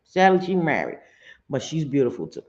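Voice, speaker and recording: A woman's voice: sits low, sing-song, a little fast, darkish tone. A middle-aged woman hosting a casual live stream, talking in a rambling, blunt, profane way. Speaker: livestream host. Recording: dull lo-fi stream audio.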